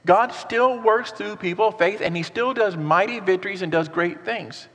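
A pastor preaching a sermon in an earnest, animated way, with rhetorical questions and repeated phrases. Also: male voice, sits high, normal speed, in a large hall.

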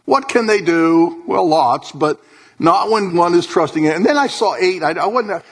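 Husky guy preaching a sermon to a church crowd, kinda high voice, goes quiet then bursts up loud. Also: normal speed. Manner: animated preaching, swinging from low murmurs to high emphatic bursts. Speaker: pastor. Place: church hall with congregation.

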